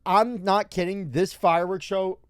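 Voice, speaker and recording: A man's voice: high voice, fairly even intonation, normal speed, no room sound, clean studio sound. A man in his thirties co-hosting a comedy podcast, telling rowdy stories with lots of swearing and laughter. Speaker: podcast co-host. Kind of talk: casual comedy chat.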